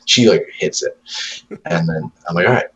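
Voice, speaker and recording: A man's voice: low-pitched, normal speed, fairly bright tone, low-quality recording. A man in his thirties on casual chat, telling profane stories about his toddler and acting out her lines.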